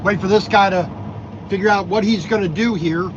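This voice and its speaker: High-voiced wry trucker in a noisy cab. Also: male voice, normal speed. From Minnesota. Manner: wry, grumbling remarks at other drivers. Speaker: truck driver vlogger. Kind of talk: casual vlog commentary while driving. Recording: dull lo-fi sound with loud road noise.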